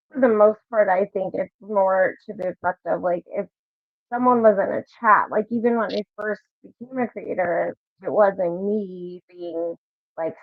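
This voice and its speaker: A woman's voice: medium pitch, no room sound. A woman hosting a livestream, talking in a loose, friendly, reassuring way in casual chat. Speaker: livestream host. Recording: tinny dry call audio.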